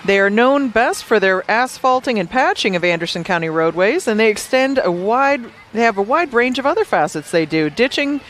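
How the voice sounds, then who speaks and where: A woman's voice: fairly high pitch, lively intonation, normal speed, few pauses, a little hiss or hum. A woman commentating live at an outdoor parade at night, chatty and amused, reading sponsor blurbs between bits of banter. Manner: chatty and amused, laughing often between scripted reads.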